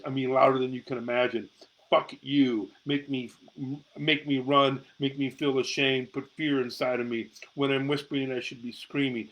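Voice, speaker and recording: A middle-aged man reads his own poems on a live stream, his voice pitched squarely in the middle. His delivery is raw and intense, and he swears freely. He talks close to a phone or webcam. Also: fairly bright tone, poor audio. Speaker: amateur poet and show host. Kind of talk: live-streamed poetry reading.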